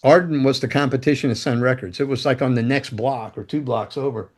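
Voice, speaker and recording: This mid-range male voice moves along fairly quickly. As a guest, the ex-roadie and guitar tech spins offhand stories, swearing freely, breaking into laughter as he goes, and performing other people's quotes.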